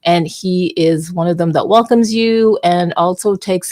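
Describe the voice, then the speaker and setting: A woman's voice: fairly low pitch, a little slow, hardly any pauses, darkish tone. A woman hosting a weekly online community talk, chatting casually and thinking aloud with a self-mocking, rambling manner. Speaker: community space host. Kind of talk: casual livestream chat.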